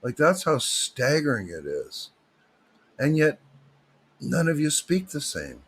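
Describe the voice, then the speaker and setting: A man's voice: fairly high pitch, big pitch swings, takes it slowly, breathy edge. A man, hosting a livestream with rambling, joking, digressive chat. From Canada. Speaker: livestream host.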